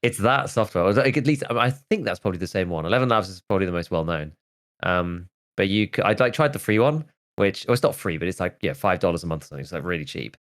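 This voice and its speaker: A man's voice: sits low, expressive, fast talker, fairly bright tone. A man in his thirties, a podcast host chatting casually and rambling, with lots of "like" and restarts. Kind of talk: casual chat.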